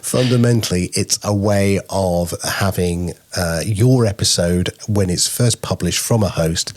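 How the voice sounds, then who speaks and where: Deep-voiced chatty man. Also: measured pace, a little mellow. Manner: chatty, playful asides. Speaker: podcast news co-host. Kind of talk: casual chat.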